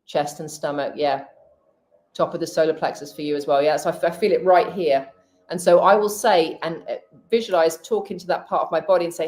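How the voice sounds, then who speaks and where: A woman's voice: lowish voice, brisk, darkish tone. A middle-aged woman, a hypnotherapist and healer, chatting candidly on a live stream and giving practical tips. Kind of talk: casual live-stream chat.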